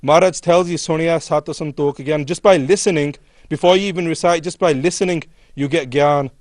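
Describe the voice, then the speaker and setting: Persuasive British man, slightly high voice. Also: brisk, darkish tone, dry recording, clean studio sound. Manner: casual, persuasive, asks rhetorical questions. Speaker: panel speaker. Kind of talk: spiritual talk to a congregation. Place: gurdwara hall.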